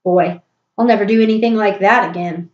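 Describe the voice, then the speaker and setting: A woman's voice: medium pitch, fairly quick, natural voice. Woman doing a sheepish, scheming schoolboy. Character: young schoolboy, sly and sheepish. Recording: roomy, dull recording.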